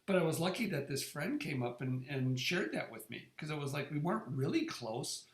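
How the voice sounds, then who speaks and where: A man's voice: a little high, lively intonation, normal speed. A middle-aged man talking casually about his own experience, often repeating words and restarting sentences. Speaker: presenter sharing his experience. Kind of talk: casual conversational talk. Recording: echoey room.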